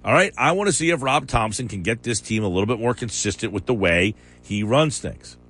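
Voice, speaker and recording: Faint music plays behind a sports radio host whose voice is on the low side, a bit bright, with lively intonation. He chats casually but is combative, quick to push back on his co-host's claims.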